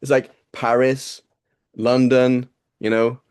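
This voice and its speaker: A man's voice: medium pitch, little pitch movement, takes it slowly, darkish tone, clear, resonant tone. A man teaching a small class, reading and explaining texts in a casual, rambling way and asking his students rhetorical questions.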